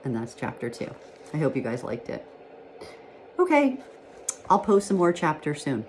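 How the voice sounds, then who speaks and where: A woman teacher with a low, warm voice reads a children's storybook aloud. She tells it in a gentle, expressive way. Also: brisk, slight background noise.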